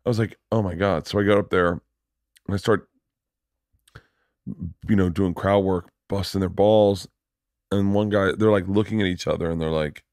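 Rowdy, low-voiced man telling stories. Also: steady tone, fast talker, dry recording, studio quality. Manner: loud, rowdy storytelling that jumps into acted quotes. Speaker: podcast host. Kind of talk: casual chat.

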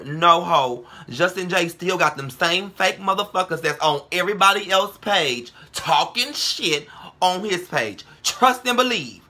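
Young man, bright cutting voice, slightly high pitch, brash profane vlog rant. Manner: brash, heated, profane, calls viewers girl and ho. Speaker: vlogger.

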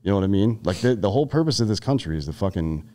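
This army veteran from the Carolinas, in his thirties and on a podcast as a guest, races along in a lowish, mellow voice with lively intonation. Chatting casually, he tells stories bluntly and profanely, often starting over mid-sentence.

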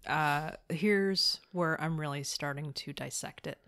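A woman's voice: sits low, a little slow, creaky, fairly bright tone. A woman co-hosting a casual podcast chat, teasing and playful, who acts out the characters' lines when she retells scenes. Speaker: podcast co-host.

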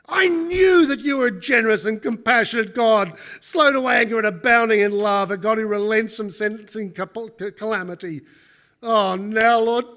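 A man with an Australian accent voicing a whiny, self-pitying male prophet in a high, strained complaining voice. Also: fairly bright tone.

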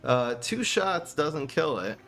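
A man streaming a card game live, commenting excitedly with frequent laughs and joking at his own mistakes while talking to his chat. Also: fairly high pitch, slow pace, faint music behind. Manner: excitable, laughing, self-mocking, talks to chat.

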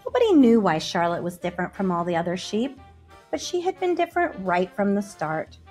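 Brief: expressive woman narrator for a picture book, lively delivery, soft music under. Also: mid-range voice, fairly quick. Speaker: storyteller. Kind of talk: children's storybook read-aloud.

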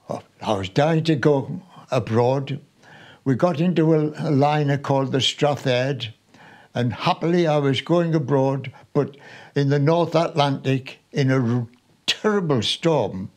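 A man in his nineties from Sunderland, a war veteran recalling his wartime memories for an interviewer in an unhurried, chatty way, with small restarts. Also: medium pitch. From Sunderland, North East England. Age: 90s.

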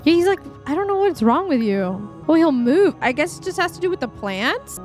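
A young woman with a slightly high voice chats her way through a live game stream, scattered and full of fillers. Soft music sits faintly behind her. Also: sing-song, normal speed. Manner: chatty, scattered, self-talking with frequent fillers. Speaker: streamer playing a life-sim game. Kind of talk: casual live-stream commentary.

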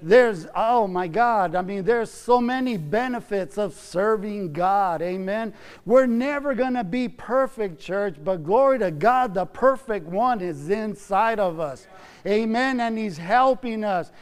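Pastor, male, high and resonant voice, preaching with "amen?" call-outs, long reverb of a church sanctuary. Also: expressive, measured pace, clear, resonant tone. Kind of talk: sermon.

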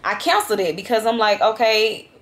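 A young woman vlogger telling a travel story to her viewers in a lively, dramatic, casual way. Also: mid-range voice, a little fast. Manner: animated, dramatic retelling, addresses viewers as y'all. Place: vacation lodging, indoors.

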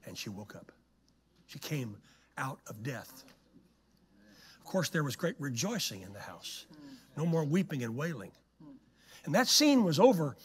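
A male guest preacher delivering a sermon in a church, telling stories in an animated, dramatic way. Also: fairly high pitch. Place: church sanctuary. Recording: long hall reverb in church.

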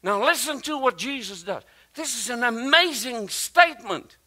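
A man preaching a sermon, emphatic and animated, repeating himself and often restarting phrases as he speaks directly to the congregation. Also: extremely high pitch. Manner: animated and emphatic, with frequent repetition and halting restarts; talks directly to the congregation with asides and questions.

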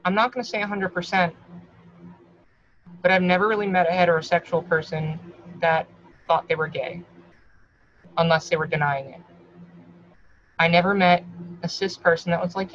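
A woman in her thirties talking frankly to camera in a casual advice vlog. She is warmly encouraging, swears freely and calls the viewer hun. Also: on the low side, moderate pace, pauses often, slight background noise. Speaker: vlogger. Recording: slightly dull lo-fi recording.

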